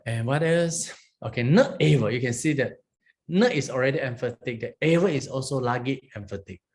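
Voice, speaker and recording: A man leads a Pali grammar lesson in a patient, explanatory way. He often asks "huh?" and "okay?" as he goes, and he chants the Pali lines slowly and carefully. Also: mid-range voice, lively intonation. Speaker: monastic teacher.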